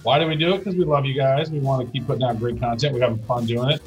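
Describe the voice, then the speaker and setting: A man's voice: medium pitch, steady tone, rapid-fire, soft background music, rough recording. A middle-aged man co-hosting a casual podcast, rambling and enthusiastic, with playful swearing. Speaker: podcast co-host.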